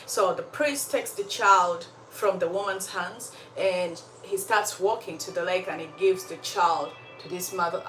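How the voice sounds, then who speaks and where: A woman telling a story in a casual, animated way, with emphatic asides and religious commentary. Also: medium pitch. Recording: echoey room, slightly far from mic, faint background noise.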